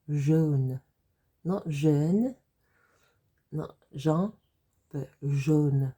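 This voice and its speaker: A woman with a sore throat, teaching French by patiently explaining silly jokes and repeating each word slowly. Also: low-pitched, creaky, warm tone, breathy edge.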